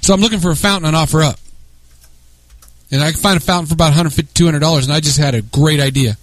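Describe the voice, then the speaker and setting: A man co-hosting a comedy radio talk show, loud and jokey, telling stories and breaking into mock voices. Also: fairly high pitch, rapid-fire, dry recording. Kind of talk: casual comedy radio chat.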